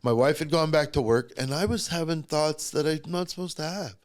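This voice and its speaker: A man's voice: fairly high pitch, fairly quick. A middle-aged man, a podcast guest, telling his personal story in a blunt, profane and emotionally charged way.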